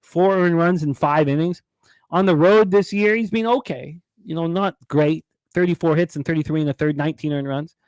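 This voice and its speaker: A man with a slightly high voice hosts a sports betting show, reading off game stats and drifting into rambling stories. The sound is close and dry, with no room around it. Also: normal speed, a little mellow, no room sound. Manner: rambling, reads stats and tells comedy stories. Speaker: sports betting radio host. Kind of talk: casual sports betting talk.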